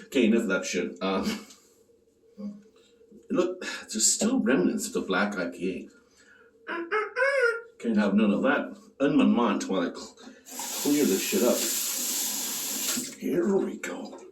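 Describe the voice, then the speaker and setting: A man's voice: fairly low pitch, big pitch swings, unhurried, pauses often, echoey room, distant mic, slight background noise. A man casually tasting and reviewing a beer on his vlog, joking and swearing as he rambles.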